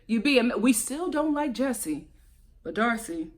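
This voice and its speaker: Gossipy woman doing a reality tv recap, kinda high voice, super expressive, sassy and laughing a lot. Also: takes it slowly. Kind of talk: casual commentary.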